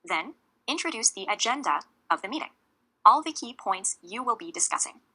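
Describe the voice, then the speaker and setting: A woman narrating a scripted English lesson, speaking clearly and slowly with deliberate emphasis on key words. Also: mid-range voice, sing-song, pushed and bright, rough recording. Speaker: English teacher.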